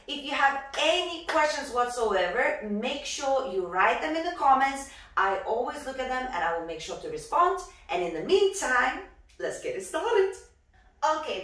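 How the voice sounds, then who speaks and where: A young woman teaching a dance lesson in an upbeat way, counting the beats out loud. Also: fairly high pitch. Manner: lively, counts beats aloud. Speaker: dance instructor. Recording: echoey room from far off.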